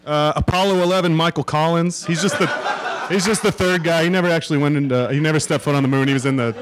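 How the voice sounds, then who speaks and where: A man guesting on a live comedy podcast, reading out jokes in a deadpan, rambling way. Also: fairly high pitch, fast, noisy background. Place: live show venue with an audience.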